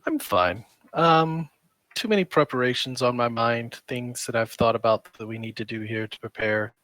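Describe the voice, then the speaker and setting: A man playing a tabletop game, calmly planning his character's next move in a matter-of-fact way. His voice sits at a middling pitch and sounds dry and close, with no room around it. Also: normal speed, dry recording. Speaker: player.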